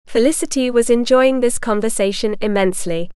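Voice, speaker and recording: A woman narrating a story in an even, measured reading. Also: medium pitch, clean tone, no room sound, clean studio sound.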